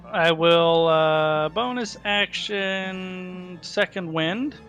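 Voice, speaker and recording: Male tabletop player, bright tone, casual rules chatter. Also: sits high, extremely slow, soft background music. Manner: chatty, checks rules aloud. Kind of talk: casual tabletop game chat.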